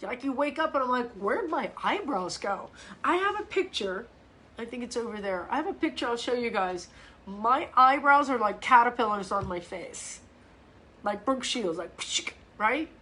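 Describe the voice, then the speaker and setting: This middle-aged woman is a fitness coach talking casually on a live stream. She's blunt, animated and swears freely, often starting over mid-sentence, and speaks at normal speed with a fairly high pitch.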